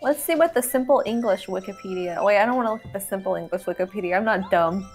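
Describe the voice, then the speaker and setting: A woman's voice: medium pitch, fast talker, faint music behind. A woman commentating casually on a game, chatty and curious.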